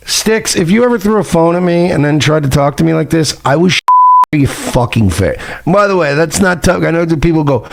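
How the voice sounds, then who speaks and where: A male commentary host with a gravelly, fry-edged voice. His pitch leaps around in a lively way, and his delivery is mocking, profane and heated. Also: normal speed. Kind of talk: reaction commentary.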